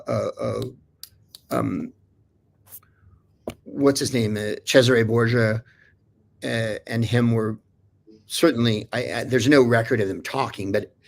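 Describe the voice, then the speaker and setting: A man's voice: medium pitch, creaky, a little mellow. A man guesting on a livestream talk show, telling long, digressive anecdotes with lots of restarts. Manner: rambling, digressive, many restarts and fillers. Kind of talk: casual chat, storytelling.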